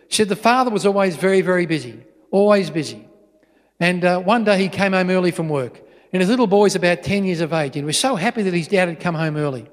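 Australian man, middle-aged, animated church storyteller, high voice, long reverb. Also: a little fast. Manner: animated storyteller with many restarts. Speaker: lay speaker giving witness in church. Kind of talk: storytelling sermon.

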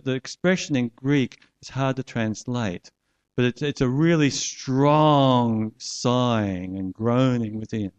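A man's voice: medium pitch, darkish tone, muffled recording. A man preaching a sermon, earnestly retelling a scripture story and acting out its voices.

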